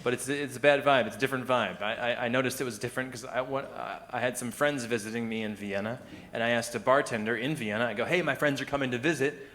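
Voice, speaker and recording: Speaking fast with few pauses, a man performs stand-up in front of a live audience, loose and conversational, chuckling at his lines and mimicking the people he quotes. His pitch is medium and his tone fairly bright, with slight hiss or hum in the audio.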